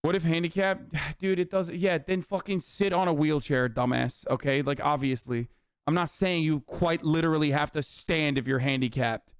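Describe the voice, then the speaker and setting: A man's voice: on the high side, fairly even intonation, moderate pace, clear, resonant tone, no room sound, studio quality. Heated, profane male streamer ranting. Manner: profane, heated, sarcastic, reads chat aloud. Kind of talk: angry political rant on stream.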